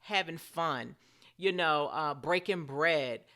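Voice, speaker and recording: A woman's voice: low-pitched, slow pace, a bit bright. A middle-aged woman giving chatty reality TV commentary, often turning to ask her viewers what they think. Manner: chatty, asks viewers directly. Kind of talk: casual commentary vlog.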